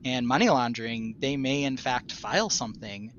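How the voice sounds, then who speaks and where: Bright-voiced man explaining calmly. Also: medium pitch, dull audio, a little hiss or hum. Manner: explanatory, measured. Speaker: podcast co-host, attorney. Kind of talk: casual podcast chat.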